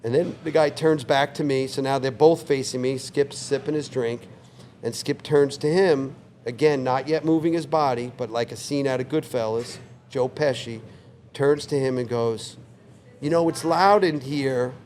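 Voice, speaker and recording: A man's voice: mid-range voice, moderate pace, a little hiss or hum. Older man spinning a vivid bar tale. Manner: relaxed, vivid anecdote teller who acts out quoted lines. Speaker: bar owner telling a story. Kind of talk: casual storytelling interview. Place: indoors on a couch in a bar.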